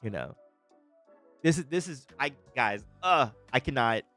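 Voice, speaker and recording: A young man hosting a live stream, reacting to a trailer with excited, stammering restarts and frequent laughter, greeting viewers in chat. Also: medium pitch, unhurried, faint music behind. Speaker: livestream host reacting to a trailer.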